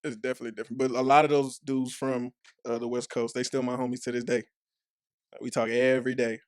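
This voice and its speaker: A young man with a Texas accent tells rambling stories, heavy on "like" and acted-out quotes. His voice sits at a middle pitch and swings up sharply when he imitates people. The sound is dry and close, with no room echo. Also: little pitch movement, fast, clean tone. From Dallas, Texas. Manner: loose, profane storytelling full of "like" and acted-out quotes. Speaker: podcast guest, former football player. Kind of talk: casual chat.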